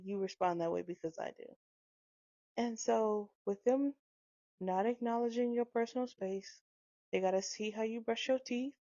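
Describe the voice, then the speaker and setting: A woman talking in a casual monologue about parenting, animated and acting out quoted dialogue. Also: mid-range voice, vocal fry, dry recording. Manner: animated, acts out quoted dialogue, frequent laughs. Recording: dull, dry close-mic sound.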